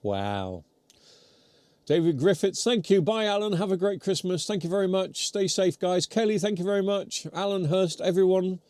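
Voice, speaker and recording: With a high, darkish voice and lively intonation at normal speed, a British man chats casually on his live stream while chewing. He reads comments, rambles and pokes fun at himself as his voice tires, picked up dry by a mic right by his mouth.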